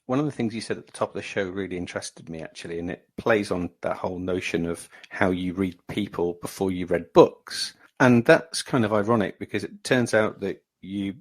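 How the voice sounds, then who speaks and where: A man hosting a podcast, asking his guest measured, thoughtful questions. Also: low-pitched. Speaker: podcast host. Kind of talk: interview questions.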